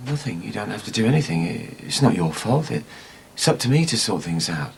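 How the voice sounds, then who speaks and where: An actor playing a guilt-ridden father in a TV soap, speaking gravely and remorsefully. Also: on the low side, big pitch swings, brisk, a little hiss or hum. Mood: resigned. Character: middle-aged father, guilt-ridden, resigned. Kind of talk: TV soap drama acting.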